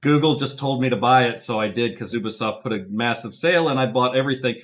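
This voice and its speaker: A man's voice: mid-range voice, quick pace, fairly bright tone. A man co-hosting a casual gaming chat, self-deprecating and chatty. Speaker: co-host.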